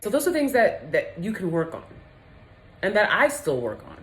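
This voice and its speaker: A low-voiced woman giving a candid, casual vlog monologue, animated and quick to laugh. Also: faint music behind. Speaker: vlogger.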